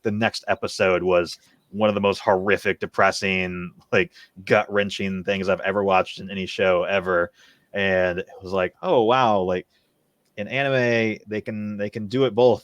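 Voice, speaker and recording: A man's voice: lowish voice, no room sound. A man on a casual podcast, reflective, telling stories about what he watched. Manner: reflective, storytelling. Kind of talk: casual chat.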